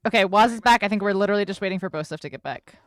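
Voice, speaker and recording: A woman's voice: medium pitch, racing, no room sound, clean studio sound. A woman hosting a casual online game show, giggly and upbeat as she prompts each player in turn. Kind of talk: casual stream chat.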